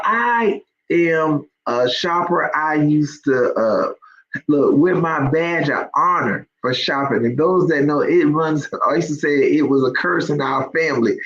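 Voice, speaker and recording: A woman's voice: low-pitched, highs cut off. A woman hosting a live faith talk for online listeners. She speaks conversationally with many ums and builds into emphatic exhortation.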